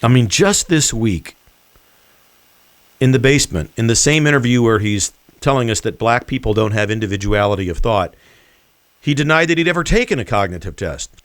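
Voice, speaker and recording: A man hosting a political commentary show, speaking in an emphatic, deliberate and mocking way. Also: medium pitch, lively intonation, dry recording. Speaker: host.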